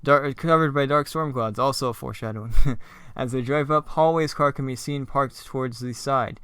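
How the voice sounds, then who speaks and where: A man reads his own play script and comments on it as he goes. He rambles, with plenty of fillers and side remarks. His voice is smooth and the recording close and dry. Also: mid-range voice, normal speed, bright, forceful tone, dry recording. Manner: rambling, with many fillers and asides. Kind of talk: casual script reading with commentary.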